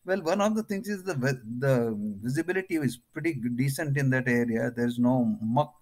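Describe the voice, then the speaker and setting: A man's voice: mid-range voice, moderate pace. An older man with an Indian accent, a retired air force officer telling stories as an interview guest. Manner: animated, acts out others' lines in his stories. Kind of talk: anecdotal interview storytelling.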